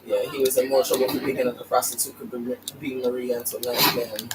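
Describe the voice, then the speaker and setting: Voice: mid-range voice, flat delivery, fast, recorded from a distance, very noisy. A podcast co-host telling a story in casual, slangy, profane chat.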